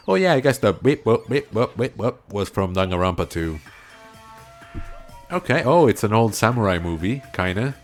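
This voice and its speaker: Animated man doing game commentary. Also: lowish voice, moderate pace, faint music behind. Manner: animated, joking, laughs often. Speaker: let's play host. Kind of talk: casual gameplay commentary.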